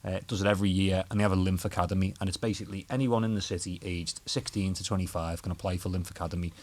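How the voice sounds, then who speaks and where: A young adult man with a Scouse accent, a guest guitarist telling animated stories, laughing and swearing often in casual podcast chat. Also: low-pitched, rapid-fire. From Liverpool, England.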